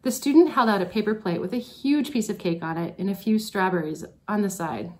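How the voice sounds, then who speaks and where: A woman's voice: mid-range voice, a little fast. A woman teacher giving a graduation speech to her advisory class, telling a story with wry, self-mocking humor.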